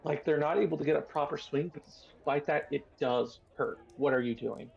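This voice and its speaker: A man with a gravelly, husky voice narrating a tabletop game as game master, unhurried and descriptive. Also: a little high, a little mellow, dull audio. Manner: unhurried, descriptive, many fillers.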